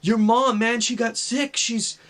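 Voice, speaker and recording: A man's voice: extremely high pitch, fairly even intonation, a little slow, a bit bright, pitched above the performer's own voice. A man putting on a pushy shady stranger. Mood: urgent coaxing. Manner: urgent, coaxing. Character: shady long-haired male stranger, pushy.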